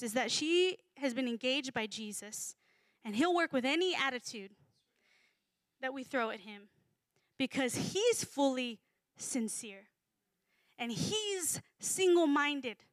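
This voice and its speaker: A woman giving a sermon in a conversational, animated way, sometimes acting out voices. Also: high-pitched, dry recording. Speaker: preacher.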